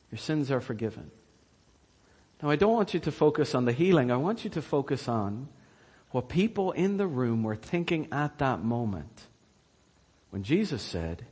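A man preaching a sermon, telling Bible stories with animated, rising energy at the dramatic parts. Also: husky. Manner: animated storytelling, rising in pitch and volume at dramatic retellings. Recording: long hall reverb.

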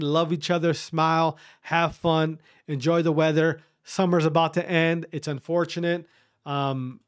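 Blunt, profane podcast host. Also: male voice, fairly high pitch. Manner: profane, blunt, repetitive, rambling. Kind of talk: casual ranting podcast monologue.

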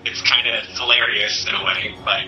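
A man, a tabletop game player, chatting in a lively, amused way about his own connection trouble on a voice call. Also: on the low side, normal speed, highs cut off, faint music behind. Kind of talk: casual chat on a voice call. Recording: echoey, distant voice call.

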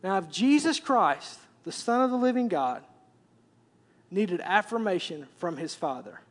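A man's voice: high-pitched, a bit bright. A man, preaching a conversational sermon and repeating words as he builds up. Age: 40s. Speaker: pastor.

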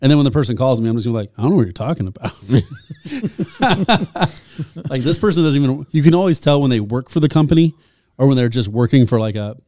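A man co-hosting a podcast, chatting casually and quickly, with lots of "like" fillers. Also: medium pitch, expressive, warm tone, no echo. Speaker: podcast co-host. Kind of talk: casual chat.

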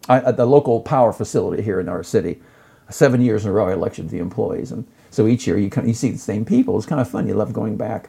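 A man's voice: mid-range voice, gravelly, slightly rough. A middle-aged man, a chef and lecturer, telling stories effusively in a casual conversation. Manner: effusive, animated storytelling.

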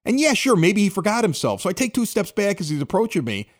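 Animated man with a Chicago accent. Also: sits high, fast talker. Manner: animated storytelling, acting out dialogue. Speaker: podcast host. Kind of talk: casual chat.

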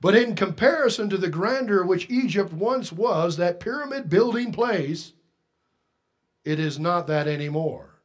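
Preacher man with a high-set voice. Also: animated, measured pace. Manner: dramatic swings between loud emphasis and hushed tones; asks the congregation questions. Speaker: pastor. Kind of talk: sermon. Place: church.

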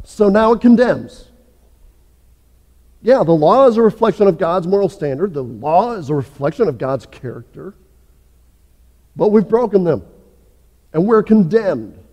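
High-voiced pastor preaching in a reverberant hall. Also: male voice, lively intonation, a little slow, pauses often. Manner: earnest preaching, builds up then drops low and soft. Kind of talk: sermon. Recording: long church reverb.

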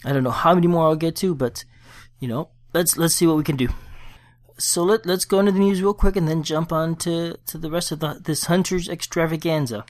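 A man hosting a solo gaming podcast, chatting casually and then reading a war story aloud in his own plain voice. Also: on the high side. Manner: conversational, quick restarts, reads report plainly without accents. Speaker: podcast host. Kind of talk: casual podcast talk and read-aloud session report.

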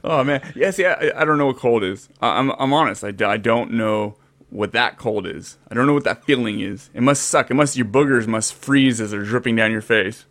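A man in his thirties from California, chatting casually and telling lively stories, acting out what he once said. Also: medium pitch, fairly quick, no room sound. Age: 30s. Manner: animated storyteller, acts out his own past lines. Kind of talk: casual chat.

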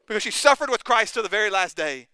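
A man's voice: high voice, lively intonation, fast, bright, forceful tone, clean tone, no room sound. A man preaching a sermon as pastor, impassioned and urgent, firing rising questions at the congregation.

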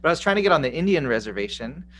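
A man's voice: on the high side, big pitch swings, racing, a bit bright. A man guest on a casual podcast interview, telling stories with frequent laughs. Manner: laughing, storytelling. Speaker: guest musician.

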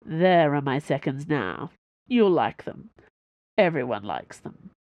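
A woman's voice: deep voice, very animated, slow pace, a little mellow, dry recording, pitched below the performer's own voice, full character voice. Woman playing a cocky, teasing male duelist. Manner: languid, teasing, theatrical. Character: cocky wounded young male space duelist.

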